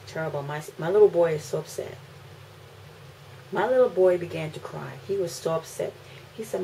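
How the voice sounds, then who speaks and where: A fed-up mother vents straight to the camera in a lowish voice. She hammers her points home by repeating them, one moment loud and defiant, the next low and weary. A faint background hiss sits under her voice. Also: brisk, vocal fry, low-quality recording. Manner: indignant, repeats phrases for emphasis, swings from loud outbursts to low, weary lines. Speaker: mother making a video complaint. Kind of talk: emotional rant to camera.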